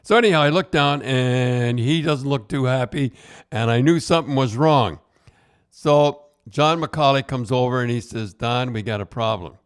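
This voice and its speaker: Older guy rambling thru old hockey stories, lots of restarts, regular pitch. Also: moderate pace, smooth. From Canada. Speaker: podcast host, retired hockey coach. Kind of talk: casual storytelling.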